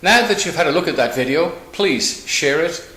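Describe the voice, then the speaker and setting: Man, bright, echoey sign-off. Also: a little high, animated, normal speed. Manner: chiding, plain-spoken. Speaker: channel host. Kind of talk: casual sign-off. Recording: echoey room with hiss.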